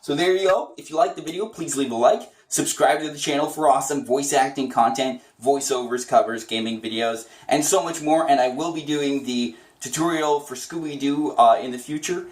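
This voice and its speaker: A man's voice: medium pitch, fairly quick, hardly any pauses, reverberant. A man giving a casual, chatty tutorial on doing a cartoon voice, enthusiastic and rambling. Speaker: voice impression tutor.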